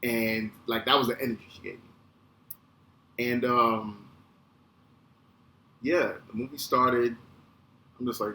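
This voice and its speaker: A man in his thirties hosting a podcast, telling a casual, animated, profane story. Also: mid-range voice, a little slow, pauses often. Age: 30s. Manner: animated, profane, acts out quotes. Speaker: podcast host. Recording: echoey room with faint ambient noise.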